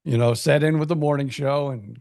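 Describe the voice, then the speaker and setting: A man co-hosting a podcast in casual chat, telling stories in a halting way and repeating words as he goes. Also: medium pitch, fairly even intonation, gravelly, a little mellow, dry recording, clean studio sound. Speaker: podcast co-host.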